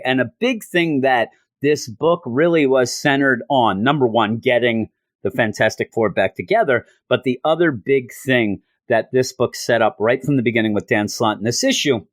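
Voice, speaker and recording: A man's voice: mid-range voice, expressive, normal speed, dry recording. A man chatting casually as he reviews a comic, retelling scenes loosely and slipping into quoted lines. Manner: loose with fillers and restarts.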